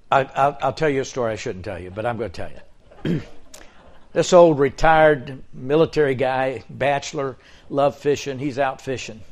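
Folksy older man preaching. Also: medium pitch. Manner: folksy storytelling, joking asides. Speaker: pastor. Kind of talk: sermon.

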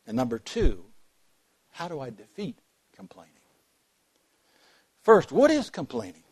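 Preacher guy with a high voice, folksy storytelling sermon, cracks jokes at the crowd. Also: wildly swooping pitch, measured pace, a little mellow, husky. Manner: storytelling, folksy and joking with the congregation. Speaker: pastor. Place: church.

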